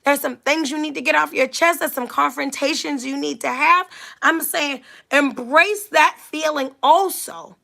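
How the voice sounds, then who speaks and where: High, gravelly woman giving a motivational talk. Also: measured pace, bright, forceful tone. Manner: emphatic, repetitive preaching cadence. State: slightly scratchy from allergies. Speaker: motivational speaker.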